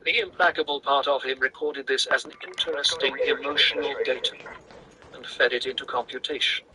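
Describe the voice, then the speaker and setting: A man reading a novel aloud in a measured, steady way. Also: medium pitch, crowd noise, rough recording. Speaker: reader.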